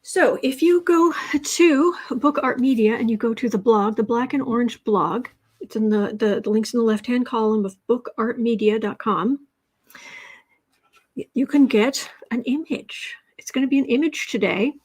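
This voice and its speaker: A chatty woman from the United States hosts a casual home livestream, wandering through asides as she talks. Her voice sits somewhat high for a woman. She speaks into a fixed mic set off to one side of the room. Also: normal speed, darkish tone, husky. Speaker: tarot livestream host.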